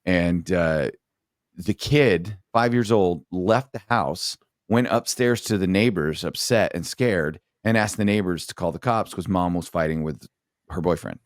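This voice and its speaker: Middle-aged ex-sergeant guest, very deep voice, blunt and profane, telling stories from the job. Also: male voice, a little slow, no echo, studio quality. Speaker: former police sergeant, podcast guest. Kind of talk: casual storytelling in a podcast chat.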